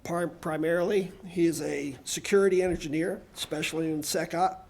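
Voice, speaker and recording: Male conference host, gravelly texture, halting intro read. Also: fairly high pitch, fairly even intonation, darkish tone. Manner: stumbling, self-correcting reading. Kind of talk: speaker introduction. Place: university lecture room.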